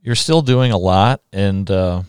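A man's voice: low-pitched, measured pace, darkish tone, smooth, no echo, clean studio sound. A man hosting a podcast, chatting casually and laughing easily, then signing off the show. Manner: easygoing, jokes about editing, laughs often. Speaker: podcast host. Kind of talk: casual interview chat.

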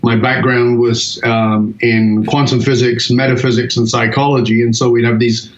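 A British man in his sixties, a guest telling animated stories and acting out the other people in them. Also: medium pitch, moderate pace. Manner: animated anecdotes, acts out quoted voices. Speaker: guest speaker. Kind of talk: storytelling in an interview. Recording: roomy, dull lo-fi audio.

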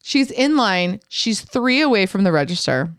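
A middle-aged woman hosting a podcast, telling a story in casual chat, animated and profane, acting out the people she quotes. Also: mid-range voice, normal speed, clear, resonant tone, dry recording, clean studio sound. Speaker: podcast host.

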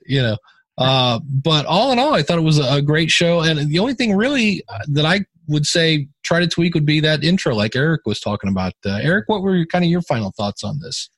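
A man's voice: on the high side, expressive, fairly quick, a bit bright, dry recording. A man co-hosting a podcast, giving casual feedback on a show in a rambling way, full of fillers and restarts. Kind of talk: casual chat.

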